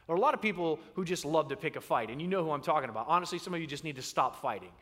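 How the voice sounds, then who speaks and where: Bright-voiced, animated preaching man. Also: on the high side, rapid-fire. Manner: animated storyteller, acts out voices. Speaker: pastor. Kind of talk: sermon. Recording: long reverb in a large hall.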